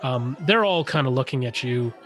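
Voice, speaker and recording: A man's voice: medium pitch, lively intonation, normal speed, fairly bright tone, faint music behind, some chatter behind. A man running a tabletop game as game master, describing scenes with many fillers and restarts.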